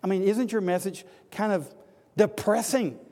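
A man's voice: sits high, moderate pace, warm tone, in a large hall, pitched above the performer's own voice. A man voicing a sarcastic skeptic who mocks the message, with incredulous questions. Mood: scornful. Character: scornful skeptical man mocking the preacher.

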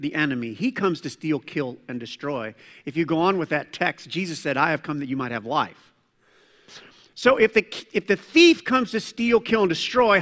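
A man preaching a sermon as pastor, animated, swinging between loud preaching and quiet asides. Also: on the high side. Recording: long hall reverb.

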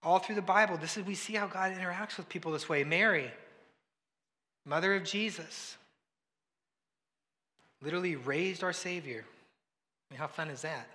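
Bright-voiced preacher in an echoey hall. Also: male voice, sits high, moderate pace, pauses often. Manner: conversational preaching, acting out quoted voices, swings between loud and hushed. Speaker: pastor. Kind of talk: sermon.

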